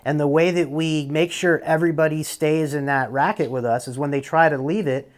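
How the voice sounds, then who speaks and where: A young man speaking as a podcast guest. His voice sits a little high, and he talks in a candid, loose, rambling way that sometimes turns profane. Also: fairly even intonation, a little fast. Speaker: guest, military veteran. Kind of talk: casual conversation.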